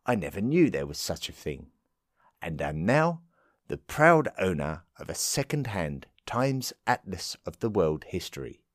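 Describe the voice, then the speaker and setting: A man's voice: deep voice, big pitch swings, measured pace, no echo, studio quality. A man reading out a fan letter in a put-on voice as a grateful Australian woman listener. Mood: fond.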